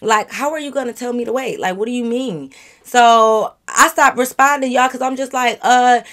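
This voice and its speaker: Animated woman telling a storytime vlog. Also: a little high, moderate pace. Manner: animated, chatty, addresses viewers as y'all. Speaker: vlogger.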